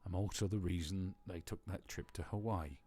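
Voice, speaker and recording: A man reading visual novel lines aloud as a guilty male cat spirit, in a plain, steady voice. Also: low voice, moderate pace, husky, no echo, soft background music. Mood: remorseful.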